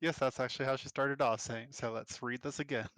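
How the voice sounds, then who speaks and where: A man's voice: mid-range voice, fairly even intonation, brisk, a bit bright, no echo. A man running a tabletop game as game master, who narrates casually and laughs off his slips.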